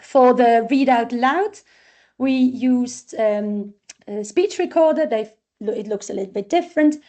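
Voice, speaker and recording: A woman researcher gives a talk presenting a literacy assessment tool, walking through examples of it step by step. Her voice is on the high side, darkish in tone and unhurried.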